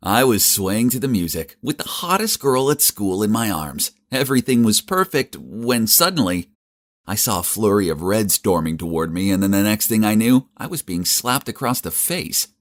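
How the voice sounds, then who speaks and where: A man narrating a first-person animated story in a casual teen manner. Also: on the low side, moderate pace.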